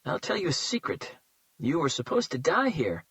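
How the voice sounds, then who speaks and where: A man's voice: on the high side, wildly swooping pitch, normal speed, a bit bright, dry recording, pitched above the performer's own voice, exaggerated voice. A man voicing a cold, menacing male kidnapper with a throaty, firm voice, in an audiobook. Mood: cold threatening. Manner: threatening, clipped.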